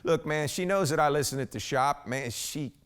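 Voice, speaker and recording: Speaking at a moderate pace in a fairly high, clean voice close to his everyday one, a man performs a solo theatrical monologue. His character is a rambling blue-collar husband telling things to a police officer, peppering it with "man" and restarting sentences.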